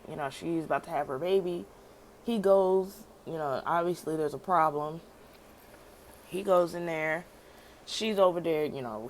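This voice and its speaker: A woman casually recapping a TV episode, animated and slangy, laughing often. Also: sits low, a little hiss or hum, poor audio. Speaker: TV show recapper.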